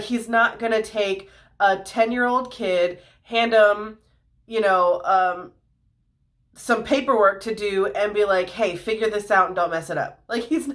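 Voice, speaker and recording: A woman giving a casual Bible lesson for kids, retelling the story in everyday slang and talking to the viewers in a relaxed, chatty way. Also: medium pitch. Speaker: youth Bible teacher.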